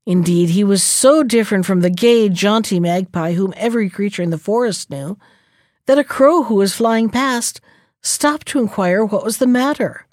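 A woman storyteller reading a folktale aloud in a gentle, expressive way. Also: medium pitch, moderate pace, no room sound, studio quality.

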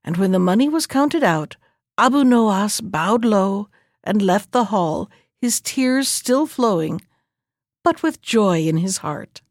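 A woman reading a fairy tale aloud in steady storybook narration. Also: mid-range voice, slow pace, no echo, studio quality. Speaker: reader.

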